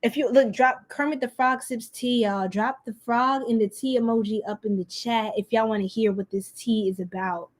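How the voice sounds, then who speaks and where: A woman's voice: fairly high pitch, normal speed, few pauses. A woman hosting a live tarot reading for her stream, chatty and sassy, greeting viewers by name and exclaiming at the cards. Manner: animated, exclaims often.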